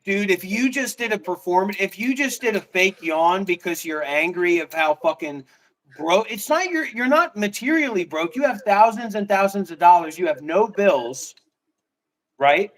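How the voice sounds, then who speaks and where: A man's voice: sits high, moderate pace, fairly bright tone. A man in casual livestream banter, mocking and taunting with a lot of swearing.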